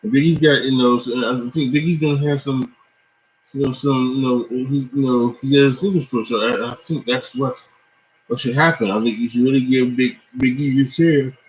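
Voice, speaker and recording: Tired man, mid-pitch voice, rambling casual wrestling reaction full of fillers and restarts. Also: fairly even intonation, moderate pace, a little hiss or hum, low-quality recording. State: tired, yawning. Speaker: wrestling commentator.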